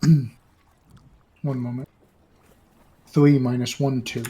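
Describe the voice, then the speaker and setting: A man playing a tabletop game, talking haltingly and often clearing his throat. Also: mid-range voice, level tone, mellow, a little hiss or hum. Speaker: player.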